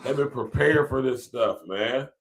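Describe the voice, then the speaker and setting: A man in the middle range of pitch hosts his own podcast with a lilt. He is emphatic and repetitive, reading text aloud and then breaking it down with asides and slang. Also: unhurried, vocal fry. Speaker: podcast host. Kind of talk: casual commentary podcast.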